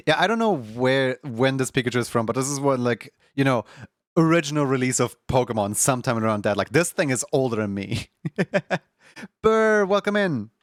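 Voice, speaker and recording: A man's voice: mid-range voice, no echo, studio quality. Rambling young male streamer. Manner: rambling, heavy filler words, laughs often. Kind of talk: casual livestream chat. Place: home room.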